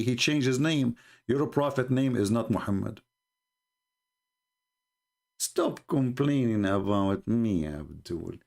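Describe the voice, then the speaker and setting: A man whose first language is not English, giving a mocking, sarcastic monologue that jumps into high voices when he quotes people. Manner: sarcastic, mocking, animated retelling with bursts of laughter. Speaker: religious commentator.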